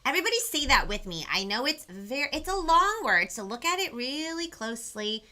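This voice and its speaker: A woman's voice: high-pitched, sing-song, moderate pace, sharp tone. A young woman hosting a bilingual children's live-stream lesson, bubbly and sing-song, talking straight to her viewers. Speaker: children's show host.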